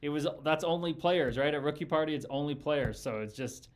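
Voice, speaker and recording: A man's voice: fairly high pitch, a little fast. Ex hockey guy hosting a chat stream, rambly, swears a lot, says like and uh constantly. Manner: rambling, profane storytelling with many fillers and restarts. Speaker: podcast host and former pro hockey player. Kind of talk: casual livestream chat with viewers.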